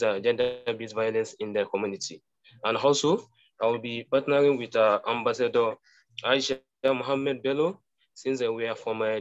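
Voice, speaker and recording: A man's voice: medium pitch, no echo. Nigerian man on a dull dry call line. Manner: measured, formal, with uh pauses. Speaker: guest ambassador. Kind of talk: formal acceptance speech.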